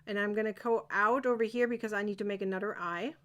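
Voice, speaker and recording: A woman's voice: mid-range voice, steady tone, fast talker, fairly bright tone. A woman teaching a live crochet-along, chatty and encouraging, often checking that viewers are following.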